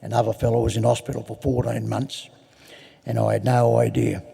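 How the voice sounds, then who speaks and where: A man's voice: mid-range voice, level tone, fairly quick, gravelly, warm tone, breathy edge. An older Australian man telling his personal recovery story to a convention audience, plain-spoken and frank with self-mocking humour. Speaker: AA convention speaker. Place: large hall. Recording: long hall reverb.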